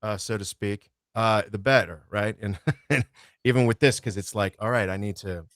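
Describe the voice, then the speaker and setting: Male audiobook narrator, podcast guest; low voice, dry close sound, loose rambling delivery. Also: moderate pace, no room sound. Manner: relaxed, rambling, swears freely. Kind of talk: casual podcast chat.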